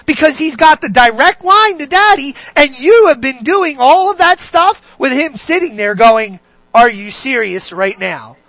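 A preacher delivering an animated sermon, firing questions at the congregation and swinging between loud bursts and hushed asides. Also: sits high, moderate pace, hardly any pauses, dry recording.

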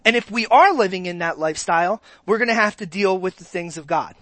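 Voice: mid-range voice, lively intonation, brisk, fairly bright tone, dry recording. A pastor giving a sermon in a conversational way, asking the congregation questions and reading scripture with emphatic sarcasm.

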